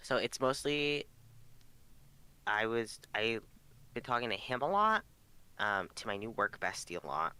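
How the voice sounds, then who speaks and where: A man's voice: lowish voice, very animated, unhurried, long pauses, sharp tone, clear, resonant tone. A young man co-hosting a podcast, telling rambling work stories in casual chat, full of fillers and swearing. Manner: rambling storytelling, heavy swearing, lots of fillers. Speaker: podcast co-host.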